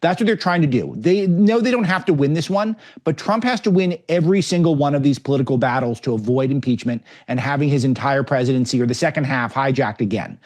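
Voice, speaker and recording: A man's voice: medium pitch, expressive, fast talker, few pauses, darkish tone. A middle-aged man appearing as a guest, arguing political points in an emphatic way. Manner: emphatic, argumentative. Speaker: guest commentator. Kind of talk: political commentary.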